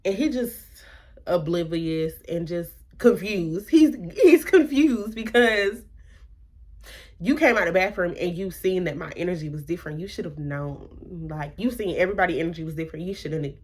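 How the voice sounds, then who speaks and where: A young woman from the American South tells a dramatic personal story in a casual vlog, packed with rhetorical questions and quoted dialogue. Her voice is lowish with lively intonation at a normal pace.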